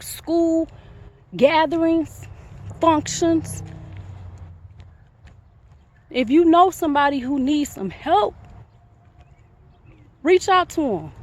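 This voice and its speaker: A woman from Michigan talks to her viewers outdoors in a casual motivational vlog. Her voice sits high and swoops up and down with animated energy. She preaches in a playful way and calls her viewers kings and queens. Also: slight background noise. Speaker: vlogger. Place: outdoors in the sun.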